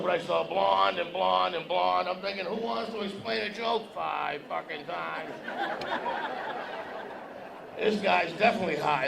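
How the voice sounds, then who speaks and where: Guy doing crude standup, high gravelly voice, echoey hall, mic kinda far. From Massachusetts. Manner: brash, profane, teasing the audience. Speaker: stand-up comedian. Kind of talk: stand-up with crowd work. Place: breakfast event hall with audience. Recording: echoey hall, distant mic, crowd noise.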